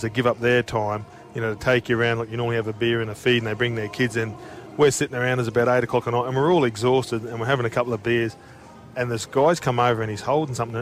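A man with an Australian accent talks through a string of anecdotes on a radio sports show. His voice sits at an ordinary middle pitch. He tells the stories in quick, tumbling bursts and keeps slipping into laughter. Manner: animated, tumbling anecdotes, often breaking into laughter. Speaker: radio co-host, former rugby league player. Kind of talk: casual storytelling chat.

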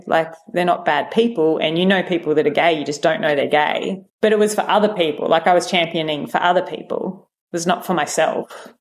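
An Australian woman from rural New South Wales in her thirties, telling her own story candidly as a podcast guest, quoting herself and others and full of fillers. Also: lowish voice. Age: 30s. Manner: frank, quotes herself and others with lots of fillers.

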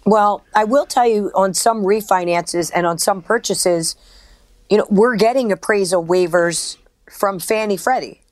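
A woman co-hosting a radio show, giving mortgage rates in a friendly, brisk way. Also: mid-range voice, no room sound. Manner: friendly, reads out rates and phone numbers briskly. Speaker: mortgage lender and radio co-host. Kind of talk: casual radio talk.

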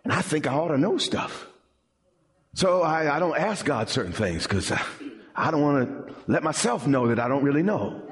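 A man preaching a sermon as pastor, in a dramatic style that drops low and quiet and then rises high and pleading. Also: very animated, normal speed.

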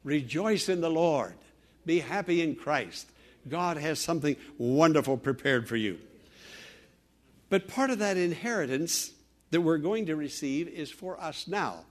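An older male pastor delivers a sermon in a fairly high voice. He swings from ringing, emphatic declarations to quiet, hushed storytelling. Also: expressive, unhurried.

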